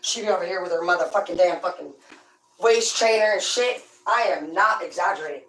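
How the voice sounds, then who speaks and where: Brash, swearing woman in an echoey room. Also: mid-range voice. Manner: profane, brash, rambling. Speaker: tarot reader and host. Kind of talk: casual ranting monologue. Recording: echoey room, voice far from the mic.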